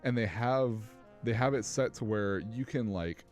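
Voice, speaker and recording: A man's voice: medium pitch, moderate pace, soft background music. A man co-hosting a casual gaming chat, rambling and swearing as he searches for words. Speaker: podcast co-host.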